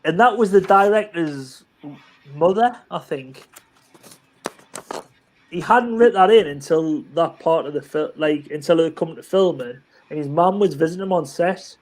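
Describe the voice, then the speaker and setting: A man in casual group chat, telling film anecdotes in an animated way with frequent restarts. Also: a little high, normal speed. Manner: chatty, animated storyteller with many restarts. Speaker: live chat participant.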